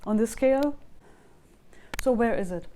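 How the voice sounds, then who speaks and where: Calm woman coaching a tapping session. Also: a little high, a little slow, a little hiss or hum. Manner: calm, self-reflective, repeats phrases for viewers to echo. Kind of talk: guided tapping tap-along.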